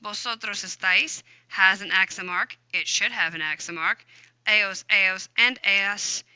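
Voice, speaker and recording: A woman's voice: mid-range voice, normal speed, pushed and bright, clean tone, no echo. Upbeat woman teaching a grammar lesson. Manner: upbeat, chatty, talks to herself while typing. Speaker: Spanish teacher. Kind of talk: recorded grammar lesson with screen typing.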